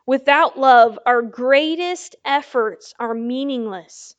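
A woman preaches a sermon in a high voice, taking her time over every phrase and pausing to ask her listeners for an amen. The sound is a little dull and lo-fi. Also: clean tone. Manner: slow, emphatic preaching with call-and-response "Amen?".

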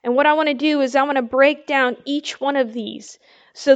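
A woman preaching a sermon, slow and emphatic, asking her listeners "Amen?" between points. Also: high-pitched, smooth, lo-fi sound.

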